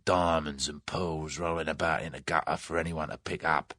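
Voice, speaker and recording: A man voicing a hoarse, bloodthirsty thug. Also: rumbling low, fairly even intonation, normal speed, bright, forceful tone, no echo, full character voice. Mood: grimly gleeful. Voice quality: hoarse, grim relish. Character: Cockney thug, coarse working-class man, bloodthirsty.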